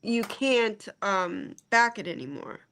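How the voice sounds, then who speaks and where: A woman co-hosting a live stream, explaining matters in a measured, casual way. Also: mid-range voice, very animated, bright, forceful tone. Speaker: co-host handling crowdfunding.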